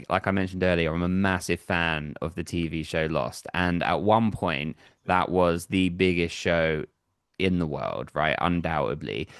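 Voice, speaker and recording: A man's voice: low voice, smooth, no echo, studio quality. A man hosting a podcast interview, talking casually and eagerly like a fan. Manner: enthusiastic, fan-like. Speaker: podcast host.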